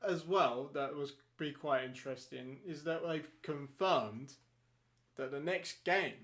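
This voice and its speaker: A man's voice: on the high side, a little slow, a bit bright. A man co-hosting a podcast in casual, informal chat with some swearing. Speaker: podcast co-host.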